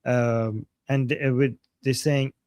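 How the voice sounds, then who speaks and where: A man's voice: mid-range voice, fairly even intonation, slow, darkish tone, clean tone, dry recording, clean studio sound. A man whose first language is Persian, co-hosting a casual livestream and explaining words with examples. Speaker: livestream co-host.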